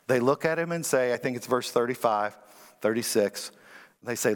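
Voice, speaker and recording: A man's voice: normal speed, in a large hall. A man preaching a sermon, calling on the congregation to repeat words after him and speaking with rising emphasis. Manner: preaching with call-and-response, rising emphatic pitch. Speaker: pastor.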